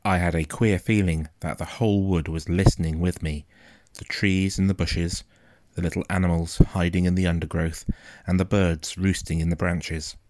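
A man narrating a first-person story in a quiet, measured, suspenseful way. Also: low voice, little pitch movement. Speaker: audiobook narrator.

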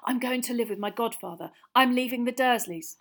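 A frantic teenage boy wizard yells spell after spell, high and strained, pushing his voice hard against overwhelming dark creatures, as a woman puts him on. He sounds desperate and shouts at full force. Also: a little fast. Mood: desperate shouting. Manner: yelling frantic spell incantations.

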